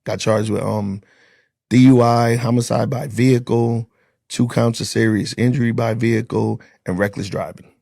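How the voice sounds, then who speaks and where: A former corrections officer, interviewed as a guest, speaks in a low, heavily gravelly, husky, slightly mellow voice with fairly even intonation at a moderate pace. Blunt and casual, he swears freely and acts out what people said to him. The sound is dry and close, with no echo.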